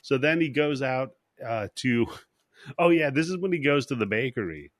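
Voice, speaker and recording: A man's voice: medium pitch, lively intonation, moderate pace, dry recording, studio quality. A man hosting a podcast in casual chat, recapping a film scene by scene, laughing often and slipping into voices for the characters. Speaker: podcast host.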